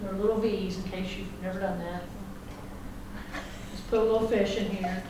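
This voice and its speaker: A woman's voice: mid-range voice, fairly even intonation, normal speed, noisy background. A woman teacher giving a classroom lecture, folksy and chatty, checking in with the class. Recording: echoey classroom from far off.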